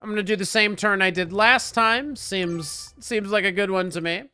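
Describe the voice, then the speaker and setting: A man streaming a strategy board game online, commenting casually, joking with chat and getting loud when frustrated. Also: sits high, moderate pace, clean tone, soft background music.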